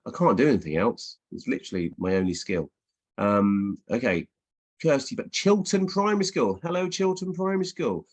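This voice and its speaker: A middle-aged man, a children's author, chatting casually with schools over a video call from his home office, playful, with many ums and restarts. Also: lowish voice. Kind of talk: casual virtual Q&A with reading aloud.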